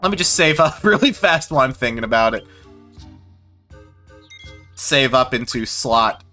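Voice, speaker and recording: Chatty, lively streamer man. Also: mid-range voice, normal speed, faint music behind. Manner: rambling, self-deprecating, swears, laughs often. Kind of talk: casual game commentary.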